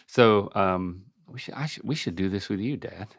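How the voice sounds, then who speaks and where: Host, middle-aged man, North Carolina accent, lowish pitch, wry and quick, dry recording. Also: gravelly, dry recording. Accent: Southern US, North Carolina. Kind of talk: casual chat.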